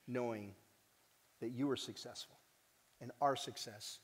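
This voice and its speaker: This is a mid-range male voice taking an unhurried pace through a sincere conference address he gives as the organization's director. He's animated and earnest, cracking jokes with the crowd now and then, and a long reverb from the hall trails his words.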